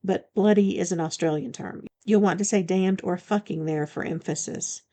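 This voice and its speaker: A woman's voice: on the low side, normal speed, warm tone, natural voice. A woman reading the part of a blunt, commanding male shifter bodyguard in an audiobook, speaking firmly and matter-of-factly.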